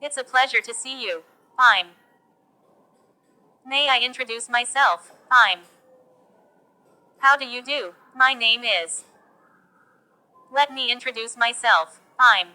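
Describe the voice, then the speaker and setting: A woman teaching English, reading example phrases for learners one by one in a slow, deliberate delivery. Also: on the high side, bright, forceful tone.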